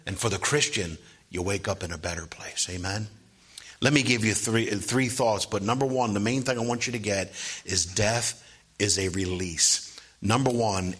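A man preaching a sermon, moving from quiet asides to loud, rising preaching and asking "Amen?". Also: fairly low pitch, husky.

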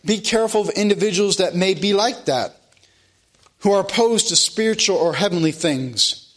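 A man with a fairly high voice preaches a sermon. He speaks earnestly and leans on repetition to press his points. His delivery is plain and direct. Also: normal speed. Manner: earnest preaching, repeats phrases for emphasis. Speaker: pastor.

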